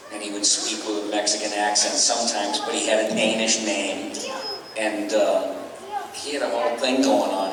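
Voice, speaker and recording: A man's voice: on the low side, slight background noise. A man on a convention panel, talking casually and rambling through stories about his voice work. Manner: rambling, animated, quick to break into character voices. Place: large convention hall. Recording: echoey hall recording from far off.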